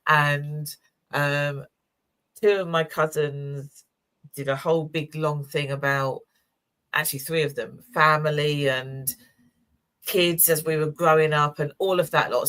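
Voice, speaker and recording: A woman co-hosts a weekly community show. Her voice sits low and she tells personal stories warmly, often close to tears or laughing. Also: steady tone, measured pace, clear, resonant tone. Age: 60s. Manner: warm, emotional storytelling with laughs. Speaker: co-host. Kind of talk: casual chat.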